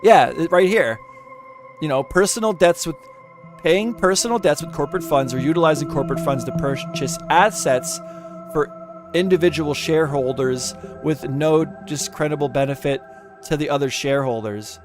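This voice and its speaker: A man's voice: on the high side, normal speed. A man giving casual reaction commentary, reading out legal text with exasperation, stumbling and swearing. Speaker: commentary YouTuber. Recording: music playing behind the voice.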